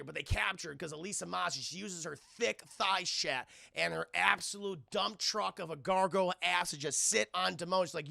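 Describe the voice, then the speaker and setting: Man, streamer, crude joking recap, gravelly, bright tone. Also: high voice, fairly quick, hardly any pauses, dry recording, clean studio sound. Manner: crude, joking, addresses chat. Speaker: streamer reviewing a cartoon. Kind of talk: casual live-stream recap.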